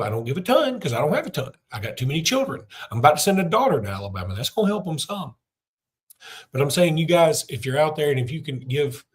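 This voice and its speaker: A middle-aged man, hosting a sports podcast in a chatty, rambling way with lots of fillers. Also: mid-range voice. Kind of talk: casual podcast talk with a read ad.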